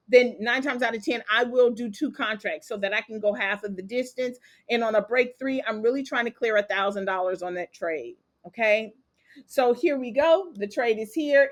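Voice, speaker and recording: A woman's voice: a little high, fairly bright tone. A woman teaching a live online trading class, walking viewers through steps and checking in with "okay?" and "capiche?" as she goes. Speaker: trading instructor.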